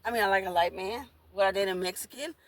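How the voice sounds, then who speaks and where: A woman's voice: medium pitch, quick pace, fairly bright tone. A woman vlogging in a casual monologue, talking bluntly and rambling, repeating herself while she eats. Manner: talks while eating.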